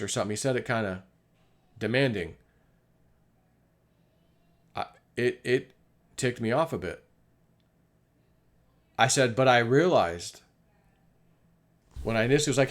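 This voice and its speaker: Middle-aged male vlogger, loose confessional monologue, mid pitch, acts out dialogue. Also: animated, moderate pace, pauses often. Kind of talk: casual personal monologue.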